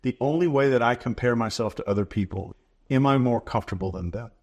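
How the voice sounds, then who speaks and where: A man, a guest in an interview, explaining ideas in a measured, instructive way and repeating key phrases for emphasis. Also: medium pitch, a little mellow, dull audio. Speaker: behavior expert guest.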